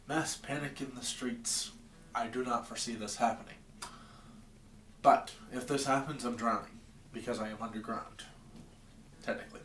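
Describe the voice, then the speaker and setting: A man's voice: mid-range voice, a bit bright, reverberant, recorded from a distance, a little hiss or hum. A man from Maine rambling in a wry, exasperated rant to his camera from his basement. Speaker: vlogger. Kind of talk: comedic rant vlog. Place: home basement.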